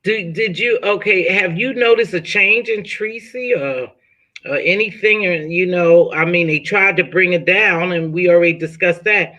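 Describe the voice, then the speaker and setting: A woman's voice: fairly low pitch, moderate pace, fairly bright tone. A woman hosting a casual live-stream chat, asking a guest probing questions in a friendly way. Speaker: host interviewing a chat guest.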